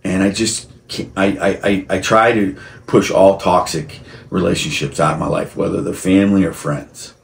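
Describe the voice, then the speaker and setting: A man with a deep, creaky voice and fairly even intonation talks at a moderate pace, with a slight hiss or hum audible. In his rambling vlog monologue he repeats and restarts a lot, getting worked up into heated shouting.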